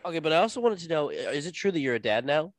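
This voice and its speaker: A man co-hosting a casual podcast, playing a deadpan straight interviewer. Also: a little high, racing, no echo. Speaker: podcast co-host.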